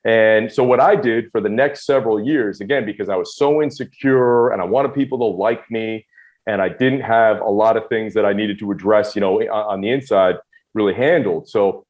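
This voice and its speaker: Guy in his 40s telling his story fast and blunt, laughing at himself, kinda muffled lo-fi audio. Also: lowish voice, a little mellow. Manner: rapid, emphatic, self-deprecating retelling. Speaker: guest. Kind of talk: candid storytelling interview.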